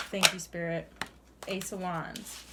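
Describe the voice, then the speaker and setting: A woman's voice: on the low side, heavy background noise. A young woman doing a tarot reading to camera, earnest and chatty, sighing now and then between cards. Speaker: tarot reader.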